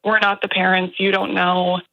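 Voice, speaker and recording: A woman's voice: medium pitch, little pitch movement, normal speed, vocal fry, dry recording, lo-fi sound. A young woman calling in to an advice show, speaking hesitantly with many ums. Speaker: caller. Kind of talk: phone-in question.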